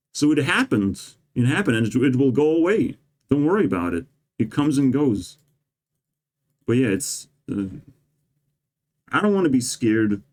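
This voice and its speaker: Male vlogger, sarcastic rant, profane, rambling, mid-pitched voice. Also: darkish tone. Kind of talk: ranting monologue.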